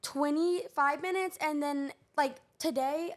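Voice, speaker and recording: A young woman co-hosting a podcast in bubbly casual chat, her voice hoarse. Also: high voice, fairly even intonation, a little slow, crowd noise. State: hoarse from cheer camp. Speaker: podcast co-host.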